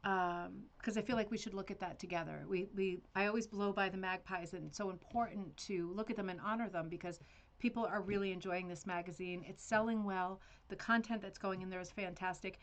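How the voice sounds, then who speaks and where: A woman's voice: medium pitch, fairly even intonation, a little fast. A woman hosting a rug hooking club livestream, chatting casually and rambling with fillers and laughs.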